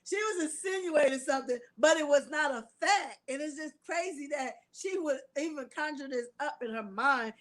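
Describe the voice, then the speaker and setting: At home and alone on camera, a woman reads court testimony aloud and chats casually about it with her viewers, whom she calls y'all. She laughs while reading and prays aloud for composure. Her high-pitched voice is animated, at normal speed, with hardly any pauses.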